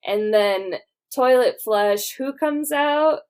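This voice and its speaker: A woman co-hosting a podcast, chatting about a film in a relaxed way. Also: sits high, slow pace, smooth. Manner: relaxed and chatty, laughs often. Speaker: podcast co-host. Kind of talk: casual chat recapping a film.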